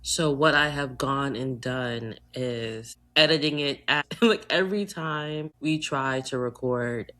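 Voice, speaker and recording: A Trinidadian American woman co-hosting a podcast in casual chat, animated and joking, swearing freely. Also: rumbling low, slow pace, hardly any pauses. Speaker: podcast co-host.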